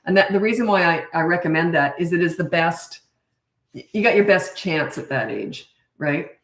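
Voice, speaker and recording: A woman's voice: lowish voice, moderate pace, recorded from a distance. A middle-aged woman, a parenting coach, answering viewer questions in a live Q&A. She talks bluntly and frankly, chatty, with frequent restarts. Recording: echoey room, voice off-mic.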